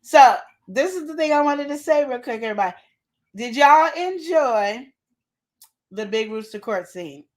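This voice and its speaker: A woman's voice: sits high, expressive, moderate pace. A woman hosting a casual live show, chatting and teasing as she talks straight to her viewers. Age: adult with a child. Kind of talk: casual live-stream chat.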